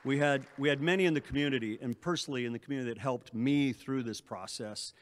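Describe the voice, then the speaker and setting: A man's voice: mid-range voice, fast, a faint crowd. A middle-aged man, an athletic director, speaking at a press conference, giving long thank-yous with frequent restarts and fillers.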